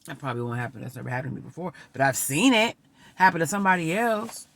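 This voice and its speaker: A woman in her forties tells a heartfelt personal story to her vlog audience. Her voice is bright and forceful, and she swings from bursts of excitement to moments close to tears. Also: low voice, quick pace. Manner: expressive, swings between excited and tearful. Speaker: vlogger.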